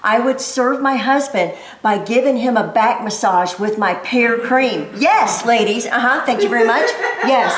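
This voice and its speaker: A middle-aged woman co-preaching a sermon from a church stage, telling stories in an animated way and often laughing. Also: fairly high pitch, measured pace, hardly any pauses. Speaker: pastor's wife, co-speaker. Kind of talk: lively sermon storytelling. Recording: echoey church hall.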